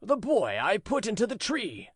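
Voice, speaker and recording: Huge old giant put on by a man, slow solemn speech, lively pitch, storybook reading. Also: slightly rough, no room sound, clean studio sound, full character voice. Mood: tender. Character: huge old male giant, gruff then tender.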